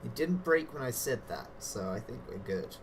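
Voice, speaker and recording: A man's voice: mid-range voice, sing-song, normal speed. A man running a tabletop game on a livestream, talking in a rambling, chatty way and laughing at his own jokes. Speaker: game master. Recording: noisy background hiss.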